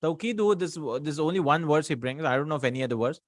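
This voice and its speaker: A man teaching a grammar lesson, explaining quickly and checking in often with the students. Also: fairly high pitch, lively intonation, dry recording, studio quality. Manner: quick explaining with frequent checks like "right?" and "hmm?". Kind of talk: recorded online lesson.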